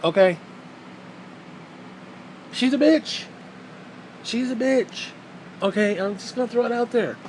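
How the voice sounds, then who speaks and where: A man's voice: very high-pitched, takes it slowly, long pauses, darkish tone, slight background noise, poor audio. A man giving a heated, profane commentary rant on video, blunt and repeating his points for emphasis. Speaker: vlogger.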